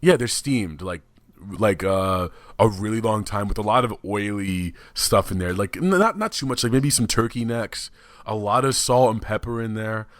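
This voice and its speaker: A man's voice: lowish voice, normal speed, no echo. A man co-hosting a comedy podcast, talking in a crude, teasing, casual way. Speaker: podcast co-host.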